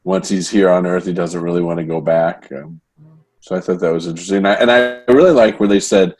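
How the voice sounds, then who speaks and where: A man who works as a pastor co-hosts a podcast on a TV show, speaking in a low voice. He talks casually and wryly, dropping mocking jokes as he goes. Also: fairly even intonation, brisk, a little mellow. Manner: wry, joking, with mocking asides. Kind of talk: casual discussion of a TV episode.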